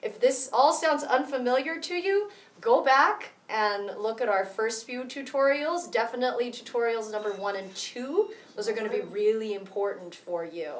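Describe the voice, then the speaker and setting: A woman's voice: fairly high pitch, moderate pace, hardly any pauses. A woman explaining rhythm in a drum lesson at a cultural center, counting beats aloud in a friendly way. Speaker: music teacher. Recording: roomy echo, mic far off.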